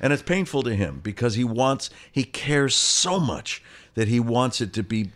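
A man in his sixties, an actor guest telling an animated anecdote and acting out other people's voices. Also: medium pitch, moderate pace. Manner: animated storyteller, acts out quoted voices. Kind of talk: conversational anecdote.

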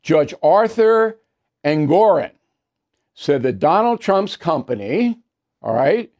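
A man's voice: fairly high pitch, big pitch swings, slow, darkish tone. Emphatic opinion news host, man. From New York. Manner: emphatic, repetitive, blunt.

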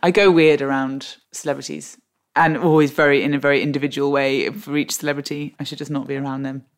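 A woman, a guest on a podcast, telling anecdotes in an animated way and laughing often. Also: extremely low pitch, quick pace. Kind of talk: interview anecdote.

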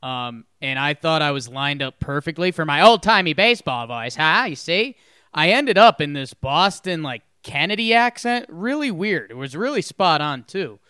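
A man's voice: fairly high pitch, sing-song, normal speed, pushed and bright, clear, resonant tone, no echo, studio quality. A man co-hosting a podcast in casual chat, playful and rambling as he spins a story. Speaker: podcast co-host.

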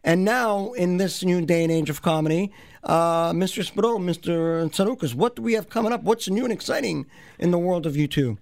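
A man's voice: high voice, a little fast, creaky, darkish tone. A man hosting a live radio show with talkative, DJ-like patter. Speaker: radio host and producer.

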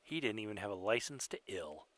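A man co-hosting a casual talk show, cutting in with quick wisecracks. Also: on the low side, sing-song, a bit bright, no room sound. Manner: quick wisecracks and jokey interjections. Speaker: podcast co-host. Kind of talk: casual chat.

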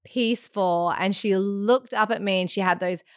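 A woman in her thirties, a podcast guest, telling a personal story in a lively, casual way, acting out sounds and laughing often. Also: medium pitch, moderate pace, no echo, studio quality. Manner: animated, acts out quotes and sounds.

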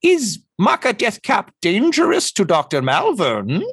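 A shrill, fussy bird-creature doctor, his voice leaping high and swooping through its lines. He calls himself "this one" and keeps humming "hmm" between questions, in a dry, close tabletop-game recording. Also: wildly swooping pitch, takes it slowly, gravelly, a bit bright, breathy edge, no room sound, exaggerated voice. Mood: eager. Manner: refers to himself as "this one", hums "hmm" often. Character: tall spindly male bird-creature doctor, inquisitive.

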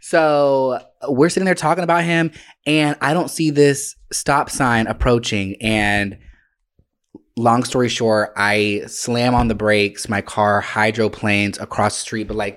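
A man's voice: medium pitch, steady tone, unhurried. A man co-hosting a podcast, telling stories in a rambling, casual way with frequent swearing. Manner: rambling storytelling with many restarts and swearing. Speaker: podcast co-host. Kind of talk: casual chat.

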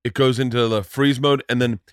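A man hosting a casual podcast, his voice sitting at an ordinary middle pitch. He tells a story in a rambling, emotional way, stumbling and restarting as he goes and swearing freely. The room sound is dry and close. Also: steady tone, no echo. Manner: halting, many restarts. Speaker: podcast host. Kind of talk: casual chat.

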